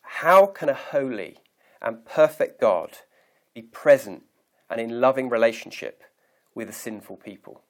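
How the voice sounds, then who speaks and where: Man, preacher, sermon, measured, emphatic, deliberate pauses, scripture reading. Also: medium pitch, expressive. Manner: slow, deliberate pauses on key words.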